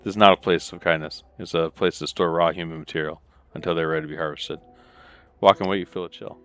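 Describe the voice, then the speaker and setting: A man's voice: sits low, steady tone, quick pace, a bit bright, clean tone. A man playing a game, reading its text aloud in casual commentary with laid-back muttered asides, on a close desk mic. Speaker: let's play gamer.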